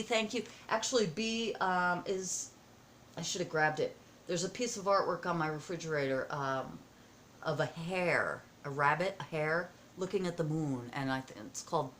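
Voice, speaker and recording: A woman vlogging at home as she opens happy mail, excited, gasping and halting with many fillers. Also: fairly low pitch, a little hiss or hum. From United States. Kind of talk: casual vlog chat. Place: home, indoors.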